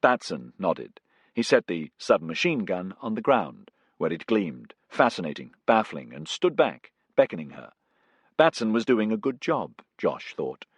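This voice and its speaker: A man narrating an audiobook in a measured storytelling manner. His voice is low and husky, with a lively rise and fall, recorded close and dry. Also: dry recording. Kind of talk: scripted narration.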